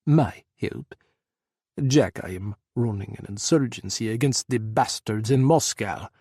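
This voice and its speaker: A man voicing a gruff Russian rebel commander with a rough voice, speaking formally without contractions. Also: fairly low pitch, measured pace, mellow, no room sound, studio quality. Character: hardened male Russian rebel leader, gruff, emotional. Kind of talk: audiobook character voice.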